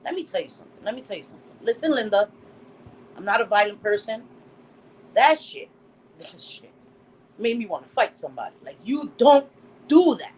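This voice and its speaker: Blunt, animated Puerto Rican woman. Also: on the high side, fairly quick, slight background noise, poor audio. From Puerto Rico. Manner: blunt, animated, profane, drops Spanish words. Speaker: livestream host. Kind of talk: casual live-stream chat.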